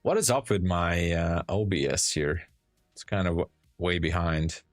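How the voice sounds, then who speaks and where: Deep, unhurried Hungarian-accented man. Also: no room sound, studio quality, faint music behind. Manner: chatty, answers viewers, explains charts calmly. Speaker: day trader streamer. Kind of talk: live-stream chat and trade commentary.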